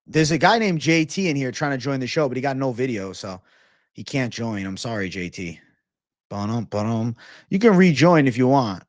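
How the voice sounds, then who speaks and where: A man hosting a live stream in casual chat, animated, swearing and calling everyone 'bro'. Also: medium pitch, normal speed, dry recording, clean studio sound. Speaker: stream host.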